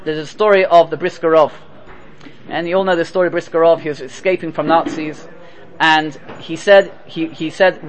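Guy with a highish voice giving a torah shiur, lively storyteller, drops hebrew and yiddish words. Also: normal speed. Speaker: Torah teacher. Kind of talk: spoken Torah class.

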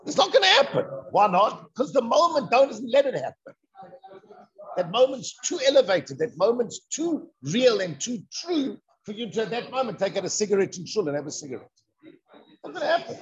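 Animated high-voiced man teaching Torah. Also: moderate pace. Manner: animated, fires rhetorical questions and answers them. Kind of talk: lively Torah lecture. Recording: dull lo-fi recording.

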